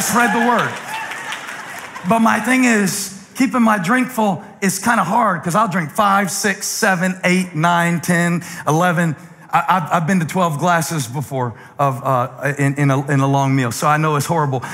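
Bright high-voiced male pastor in a hall. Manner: animated, jokey, swings from loud exclamations to hushed lows. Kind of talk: sermon with humorous storytelling.

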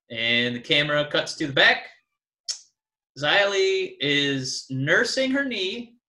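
Animated rambling man in echoey room. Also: a little high. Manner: rambling, animated, mock-crying impressions. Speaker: podcast co-host. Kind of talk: casual wrestling chat.

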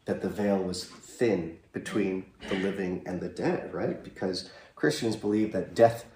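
A man's voice: deep voice, unhurried, a little mellow. A man pastor giving a live sermon in a small chapel, talking in a conversational way and asking the congregation questions. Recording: echoey room, from a distance.

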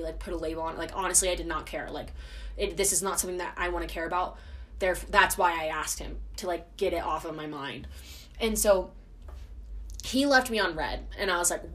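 A young woman in her twenties hosts her own podcast, talking in a loose, rambling way. Her voice sits a little low for a woman, and she fills her sentences with constant fillers. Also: steady tone, quick pace, fairly bright tone. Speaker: podcast host. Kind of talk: casual solo chat.

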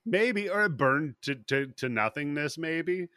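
A man's voice: fairly high pitch, animated, unhurried, pushed and bright, dry recording, studio quality. A man hosting a podcast, casually recapping a movie plot in a rambling, profane way. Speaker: podcast host.

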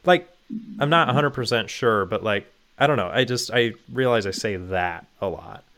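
A young married man co-hosting a podcast in casual chat, animated, with stumbling restarts. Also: fairly low pitch, normal speed. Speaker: podcast co-host.

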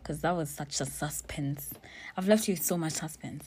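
A young woman with a slightly low voice spills a personal story straight to camera. She talks bluntly and swears freely, keeping the telling animated and casual. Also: moderate pace, slight background noise. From Kenya. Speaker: vlogger.

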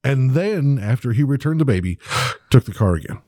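A man's voice: mid-range voice, expressive, normal speed, darkish tone, no echo, clean studio sound. A man co-hosting a casual podcast, talking animatedly, laughing often and swearing freely. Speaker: podcast co-host. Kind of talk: casual chat. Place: tattoo shop studio.

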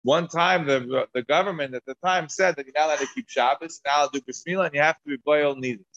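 A man's voice: a little high, fast talker, a bit bright, dry recording. A man teaching a Talmud class, rambling through asides and restarts. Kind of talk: Talmud lesson lecture. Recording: dull dry lo-fi recording.

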